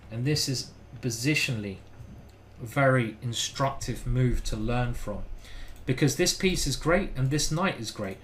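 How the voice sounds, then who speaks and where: A man's voice: mid-range voice, slight background noise. A man giving casual live-stream chess commentary, thinking aloud and chatting with his viewers. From United Kingdom.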